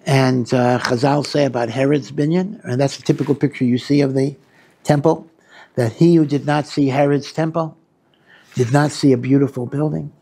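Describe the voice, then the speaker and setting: A man, a rabbi, teaching a weekly Torah class in an earnest, unhurried way, using many Hebrew terms and leaning hard on his key lines. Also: medium pitch, steady tone, dark tone, husky. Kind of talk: Torah lecture.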